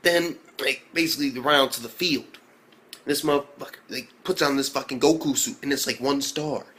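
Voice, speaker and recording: A man reviewing an anime episode in a casual vlog, slangy and profane, talking with excitable energy. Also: mid-range voice, fairly quick.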